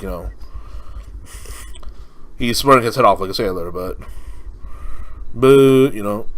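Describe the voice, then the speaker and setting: A man's voice: medium pitch, a bit bright, low-quality recording. A young man from California giving casual let's-play commentary, rambling with lots of fillers and restarts. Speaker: gaming commentator.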